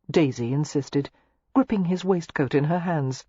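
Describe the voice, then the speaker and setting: An audiobook narrator reading a romance novel in a measured, even way, recorded on a close mic. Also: medium pitch, slightly rough, dry recording, dull audio.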